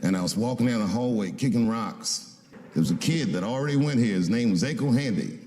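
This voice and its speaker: Guy doing stand-up, lively swoopy voice going low to high, big echoey hall. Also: a little fast. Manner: animated, jumps between low mutters and high exclaims. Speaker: stand-up comedian. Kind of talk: stand-up storytelling. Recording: echoey hall with faint noise.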